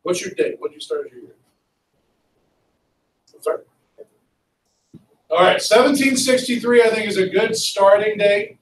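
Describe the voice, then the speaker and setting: Male teacher, high voice, lively classroom lecture, echoey room, mic far off. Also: normal speed, long pauses. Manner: lively, conversational, asks students questions. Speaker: history teacher.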